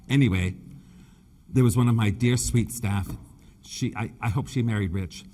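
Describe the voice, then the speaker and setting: A man's voice: fairly low pitch, normal speed, dark tone. A man from Scotia, a floral designer giving a chatty, teasing stage demonstration and stuttering a little. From Nova Scotia, Canada. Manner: chatty, teasing, camp humor, calls people honey and dear; stutters a bit. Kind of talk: live stage demonstration talk. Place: main stage at a trade show.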